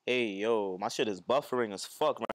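A man's voice: lowish voice, moderate pace, no echo, studio quality. A man streaming casually while he builds a model kit, joking crudely, laughing often and chatting to viewers. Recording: music playing underneath.

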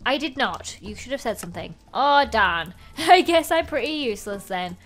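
A woman's voice: on the high side, animated, moderate pace, fairly bright tone. A woman voicing an easygoing young man friend in a game, breezy and sheepish.

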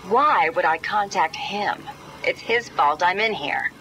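A sly, sarcastic cat burglar. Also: female voice, fairly low pitch, unhurried, sharp tone, highs cut off, a little hiss or hum.

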